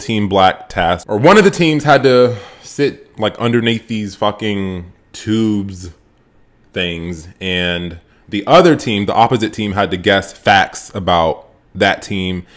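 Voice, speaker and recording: Animated sarcastic man recapping a show. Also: measured pace. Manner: animated, sarcastic, swears freely, pitch jumps up when excited. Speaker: reality show recap vlogger. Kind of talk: casual profane recap commentary.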